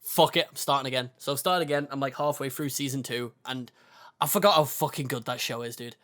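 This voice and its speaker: A young man co-hosting a casual podcast chat, relaxed and chatty, filling his talk with "like" and "you know what I mean". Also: medium pitch, a little fast. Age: young adult. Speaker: podcast co-host.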